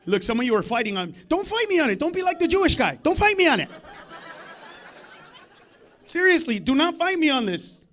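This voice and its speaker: High-pitched, profane stand-up comedian. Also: male voice, sing-song, brisk, pauses often, a faint crowd, a little hiss or hum. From United States. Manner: loud, profane, swings between shouting and muttering asides. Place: comedy club stage.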